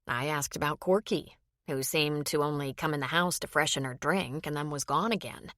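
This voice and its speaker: A woman narrates a romance audiobook in a steady storytelling read. Her voice sits low, and the recording is dry, with no room sound. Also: normal speed, dry recording. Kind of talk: scripted narration.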